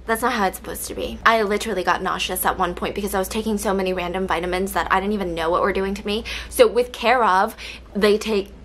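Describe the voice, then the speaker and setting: A woman's voice: mid-range voice, fairly even intonation, rapid-fire, few pauses, fairly bright tone, a little hiss or hum. A young adult woman talking casually to her viewers in a vlog, chatty and self-mocking, giggling often. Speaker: vlogger. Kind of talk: casual vlog chat with sponsor read.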